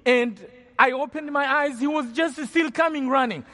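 A man's voice: very high-pitched, moderate pace, pushed and bright. A man from Rwanda giving an earnest testimony as a preacher, often repeating and restarting his phrases. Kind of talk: storytelling sermon testimony. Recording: long hall reverb.

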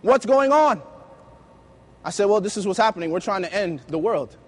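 High-voiced man preaching with stories. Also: normal speed, background noise. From United States. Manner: lively storytelling, acting out dialogue. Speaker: youth preacher. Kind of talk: sermon with personal stories.

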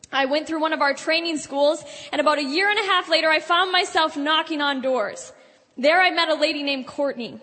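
A woman with a high voice tells her personal story of evangelism to an audience, earnest and sometimes hushed. Her voice rings in a large hall with a long reverb. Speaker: evangelist giving a testimony. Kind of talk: spoken testimony to an audience.

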